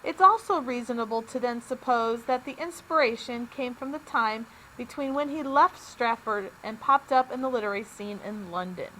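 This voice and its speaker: A woman's voice: fairly high pitch, moderate pace, few pauses, fairly bright tone, a little hiss or hum, low-quality recording. A woman teacher giving a recorded lesson, upbeat and explaining each step plainly.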